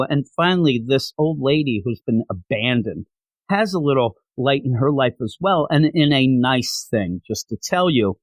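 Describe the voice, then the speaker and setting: A man's voice: medium pitch, moderate pace, dry recording. Guy hosting a comics podcast, voice jumps all over, super dry close sound, gets sentimental retelling the story. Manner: animated, openly sentimental storytelling. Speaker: comic book podcast host. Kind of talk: casual comic recap.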